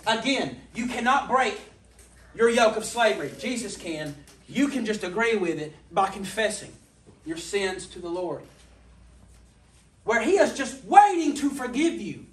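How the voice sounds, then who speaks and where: A man's voice: high-pitched, sing-song, unhurried, a little hiss or hum. Man preaching a fervent sermon; roomy, off-mic sound with faint ambience. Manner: impassioned, voice rising to near-shouting at peaks. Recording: echoey room, mic at a distance.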